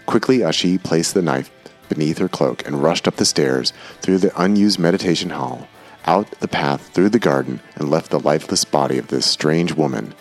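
Brief: male audiobook narrator, extremely low voice, faint music beneath.

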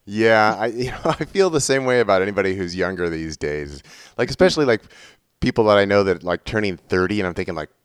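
A man in his forties with a very deep voice hosts a podcast, talking in a chatty, easygoing way. He chats informally with his guest and his listeners. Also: expressive, fast talker, clean tone. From United States. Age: 40s. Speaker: podcast host. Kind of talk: casual podcast talk.

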